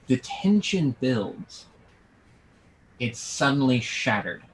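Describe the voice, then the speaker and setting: Male game master, slow halting narration, lower voice. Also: slight background noise, low-quality recording. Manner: slow, halting with many fillers.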